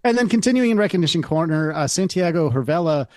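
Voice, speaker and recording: A man co-hosting a podcast, chatting casually and reading listener mail in a quick, self-deprecating way. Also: a little high, lively intonation, no room sound. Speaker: podcast co-host.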